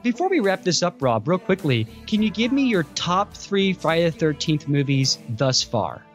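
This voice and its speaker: A man's voice: a little high, very animated, normal speed, faint music behind. A man co-hosting a casual podcast, enthusiastic and upbeat as he recommends films. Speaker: podcast co-host. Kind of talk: casual chat.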